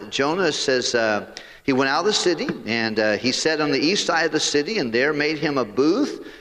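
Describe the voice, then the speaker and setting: A man's voice: medium pitch, fairly bright tone. A man preaching a sermon in a church, paraphrasing scripture with rising and falling emphasis. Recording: hall reverb.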